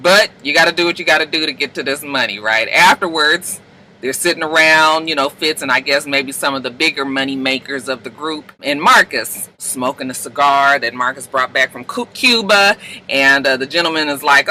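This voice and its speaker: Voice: medium pitch, animated, a little fast, bright, forceful tone, poor audio. A speaker casually recapping a TV episode, telling the story with slang and acting out characters' lines along the way. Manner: salty slang, addresses viewers directly. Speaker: TV show recapper.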